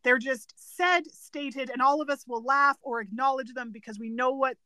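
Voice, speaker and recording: A woman's voice: sits high, normal speed, bright, forceful tone, no room sound. A young woman co-hosting a podcast, chatting enthusiastically about a movie with frequent fillers. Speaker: podcast co-host. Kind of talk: casual movie review chat.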